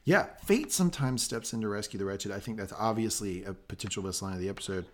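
A man hosting a casual podcast recap, talking in an excitable, animated and profane way. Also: fairly low pitch, fast talker. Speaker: podcast host. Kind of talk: casual chat, show recap.

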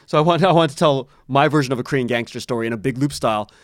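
A man's voice: medium pitch, very fast, no echo, studio quality. A man being interviewed about his audio drama, talking casually in long rambling stretches with frequent restarts and laughs. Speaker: podcast creator, interview guest.

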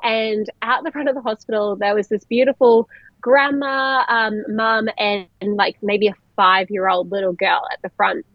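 A young woman telling a personal story in a chatty, animated way, laughing often and using many "like" fillers. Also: mid-range voice, moderate pace, dry recording. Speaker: vlogger telling her birth story. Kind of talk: casual storytelling. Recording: dull lo-fi, dry sound.

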